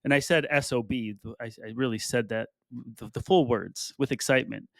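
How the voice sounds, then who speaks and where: A man's voice: mid-range voice, brisk, vocal fry, no room sound, studio quality. A man co-hosting a running podcast in casual banter, telling stories with joking mock hurt while he is coming down with a cold. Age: adult with a wife. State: getting chills, coming down with a cold. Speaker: podcast co-host.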